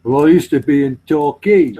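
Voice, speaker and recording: Man, livestream host, joking banter, swearing, husky and mellow voice. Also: fairly high pitch, normal speed, poor audio. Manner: jokey, swears freely.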